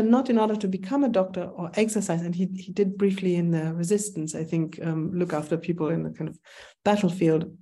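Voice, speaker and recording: A woman's voice: lowish voice, warm tone. A woman with a German accent giving a philosophy seminar lecture, speaking in a thoughtful, digressive way with frequent ums. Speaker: seminar instructor.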